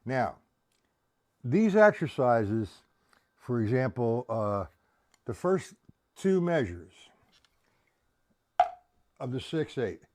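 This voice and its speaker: A man's voice: mid-range voice, very animated, takes it slowly, long pauses, background noise. A man teaching a live-streamed drum lesson, counting beats aloud and checking in with viewers.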